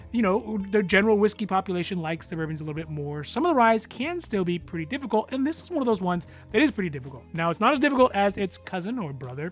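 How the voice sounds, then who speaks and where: A man hosting a whiskey review vlog, talking casually in a relaxed, rambling way with lots of fillers and small chuckles. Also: high voice. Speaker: whiskey channel host.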